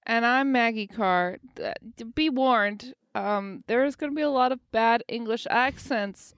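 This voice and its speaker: A woman's voice: fairly high pitch, a little slow, a bit bright, smooth, dry recording, clean studio sound. Sarcastic young woman podcast co-host. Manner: sarcastic, laughs often. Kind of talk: casual comedic chat.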